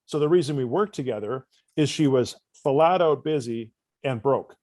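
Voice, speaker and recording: A man in a podcast interview, telling stories and acting out the voices of the people in them. His voice sits at a middle pitch and sounds close and dry, with no room around it. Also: moderate pace, no echo. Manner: animated storyteller, acts out dialogue. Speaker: guest coach.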